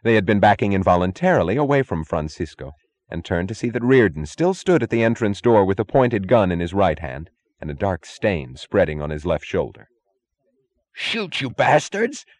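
Deep-voiced male audiobook narrator. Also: lively intonation, fairly quick, darkish tone, no echo. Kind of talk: scripted narration.

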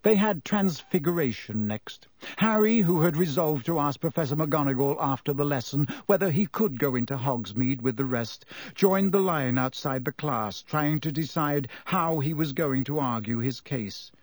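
A man reads a novel aloud with expressive, storytelling delivery. His voice is a touch higher than most men's and moves up and down a lot. The recording is dry and close to the mic. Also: moderate pace, dry recording. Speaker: audiobook narrator. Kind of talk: scripted narration.

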